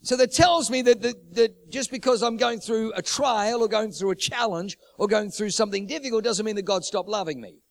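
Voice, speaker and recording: High-voiced male preacher. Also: fairly quick, vocal fry, few pauses. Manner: repeats phrases for emphasis, builds urgency. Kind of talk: sermon.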